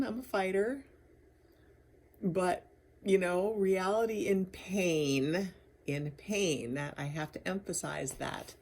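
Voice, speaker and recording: A woman talking candidly in a personal video diary, rambling and laughing often between thoughts. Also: fairly low pitch. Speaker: vlogger.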